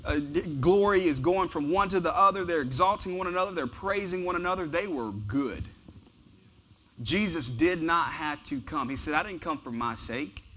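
A man delivers a morning sermon with a fairly high voice. He preaches casually and mixes in slang. He leans on repeated phrases for emphasis. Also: lively intonation, moderate pace, pushed and bright, slight background noise. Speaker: pastor.

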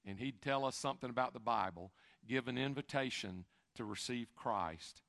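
A middle-aged man preaching, telling stories in an animated way that swings between hushed asides and loud, emphatic bursts. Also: medium pitch, moderate pace, vocal fry, no room sound, clean studio sound. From Chattanooga, Tennessee. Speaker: pastor. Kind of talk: sermon storytelling.

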